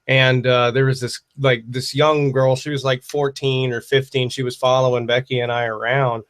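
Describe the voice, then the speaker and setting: Man, livestream host, casual chat, rambling, swears a lot, mid-pitched voice. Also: little pitch movement, moderate pace, fairly bright tone. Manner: rambling, profane, wry. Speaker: livestream host answering viewer questions.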